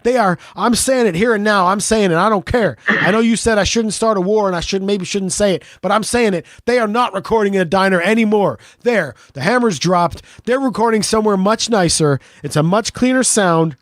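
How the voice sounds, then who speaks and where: A middle-aged man co-hosting a podcast, telling stories in animated casual banter and swearing freely. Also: high voice, a little fast, few pauses, no echo, studio quality. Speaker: podcast co-host.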